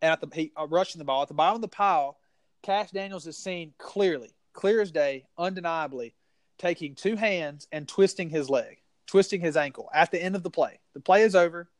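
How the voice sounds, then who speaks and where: A man's voice: fairly high pitch, brisk, dry recording. A man with a Southern US accent co-hosting a casual sports podcast, rambling and heated with many restarts.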